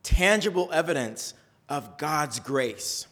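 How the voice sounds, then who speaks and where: A man preaching a sermon, retelling a story conversationally with lively swings in pitch. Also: slow pace. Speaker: pastor.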